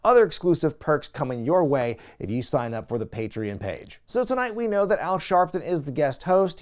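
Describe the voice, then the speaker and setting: Chatty man with a smooth voice. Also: on the high side, a little mellow. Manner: wry, chatty, laughing at the show. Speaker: host of a wrestling recap show. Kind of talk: casual recap commentary.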